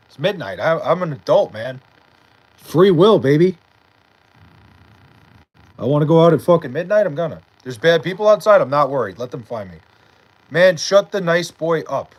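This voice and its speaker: A man's voice: fairly high pitch, low-quality recording. A young man chatting casually on a late-night livestream, reading chat aloud and bantering with loose, profane talk. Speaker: live streamer.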